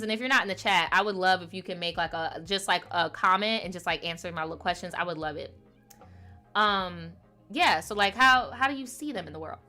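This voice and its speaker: Bright-voiced chatty woman host. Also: lowish voice, a little fast, soft background music. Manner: chatty, lots of fillers, playful asides. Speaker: podcast host reading viewer stories. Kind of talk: casual chat, reading letters aloud.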